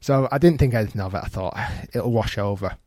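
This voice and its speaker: A man's voice: lowish voice, fast, no echo, clean studio sound. A man hosting a casual podcast, telling stories with animation and acting out quoted lines. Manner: animated storyteller, acts out quotes. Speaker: podcast host. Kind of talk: casual chat.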